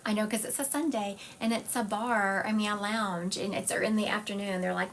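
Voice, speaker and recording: Here the same kind of speaker, a woman, has a mid-range, fairly bright voice with vocal fry, fairly even intonation and normal speed, against slight background noise. She's a psychic medium giving a live-stream reading at home, talkative and prone to digressing into side stories.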